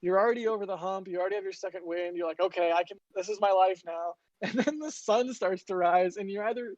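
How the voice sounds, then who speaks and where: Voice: mid-range voice, a little mellow, no room sound. Giggly chatty livestream host, muffled sound. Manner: giggly, chatty, quick asides. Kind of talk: casual live-stream chat, reading viewer messages. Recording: muffled lo-fi dry audio.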